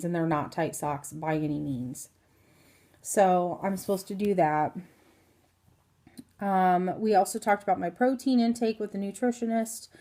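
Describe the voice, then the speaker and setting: A vlogger in her thirties from Indiana gives her phone camera a rambling, casual health update while she has the hiccups. Her voice is lowish with a darkish tone, and her talk is full of ums and self-corrections.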